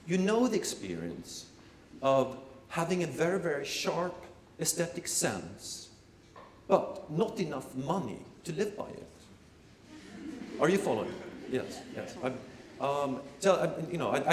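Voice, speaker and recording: A man in his forties giving an informal performance lecture to art students, talking haltingly with restarts and repeated phrases and addressing the audience directly. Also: a little high, roomy sound, slight background noise. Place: lecture room at an art school.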